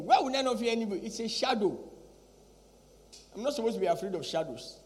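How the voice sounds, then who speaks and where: A man with a high voice preaches a sermon, and his words ring out with a long echo, as if from a large hall. He repeats his lines for weight and keeps firing rhetorical questions at the congregation. His delivery stays emphatic and insistent. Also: expressive, fast. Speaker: pastor.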